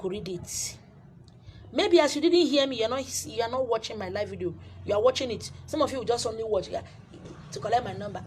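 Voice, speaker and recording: A Nigerian woman, a spiritual teacher, preaching to camera and selling her handouts, emphatic, repeating phrases, swinging from loud to hushed. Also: fairly high pitch, animated, a little fast, a little hiss or hum.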